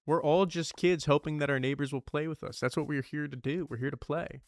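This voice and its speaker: Brief: male streamer, casual animated rambling chat over gameplay, slightly high pitch, dry sound. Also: fairly quick, hardly any pauses, dry recording. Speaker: streamer playing a survival game. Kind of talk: casual gaming commentary.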